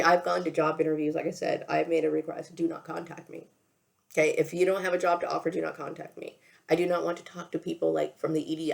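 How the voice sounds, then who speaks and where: Tearful woman with a low gravelly voice. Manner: halting, repeats words, often says okay. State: tearful, emotional. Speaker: vlogger. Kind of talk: emotional personal monologue to camera.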